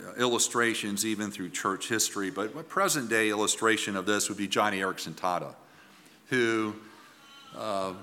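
A man preaching a sermon in an earnest, emphatic way, with pauses and restarts as he presses his points. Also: lowish voice, bright, forceful tone, long reverb tail. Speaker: pastor.

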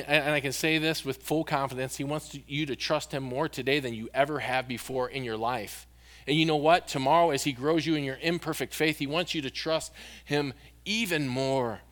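A man's voice: mid-range voice, fairly bright tone. A man preaching a sermon as a pastor, earnest and at times emphatic, then leading a prayer with repeated words. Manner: earnest, rising to emphatic exhortation; repeats words when restarting.

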